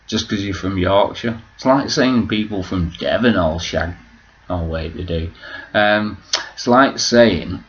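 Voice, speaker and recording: A man's voice: deep voice, highs cut off. A man vlogging at home, rambling through a joking, self-mocking monologue full of swearing.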